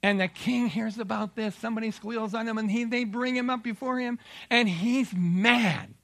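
A man delivers a sermon in a high-pitched voice. His tone is bright and forceful as he retells scripture. He tells the stories in an animated way and gives the figures voices. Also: normal speed, gravelly. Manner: animated storytelling with acted-out quotes. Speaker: preacher.

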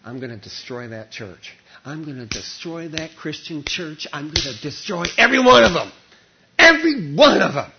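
A man's voice: a little high, sing-song, moderate pace, highs cut off, crowd noise, pitched below the performer's own voice. A man voicing a vengeful, zealous persecutor. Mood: menacing. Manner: threatening, boastful declarations.

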